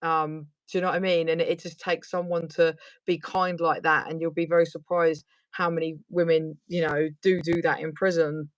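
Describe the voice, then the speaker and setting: A woman's voice: deep voice, little pitch movement, moderate pace, hardly any pauses, slight background noise. A woman hosting a casual interview, asking long rambling questions full of fillers. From United Kingdom. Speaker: host.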